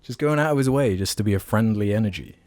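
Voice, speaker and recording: A man's voice: fairly low pitch, fast, darkish tone, no echo, faint music behind. A man co-hosting a podcast, telling a long rambling story in casual chat with plenty of fillers and restarts. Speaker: podcast co-host.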